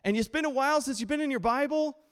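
A middle-aged man preaching a sermon as pastor, playful and animated, acting out quoted voices. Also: extremely high pitch, quick pace.

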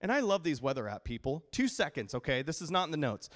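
A man's voice: on the high side, a little fast, hardly any pauses. A middle-aged male pastor preaching a sermon, telling stories and acting out quotes with animation. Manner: animated storytelling with acted-out quotes.

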